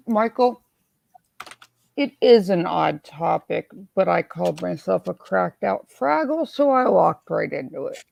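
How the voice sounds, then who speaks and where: A woman hosting a casual live stream, hoarse from swelling in her neck, who chats in a self-mocking way and reads viewer comments aloud. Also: on the low side, lively intonation, a little slow, a little mellow. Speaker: livestream host.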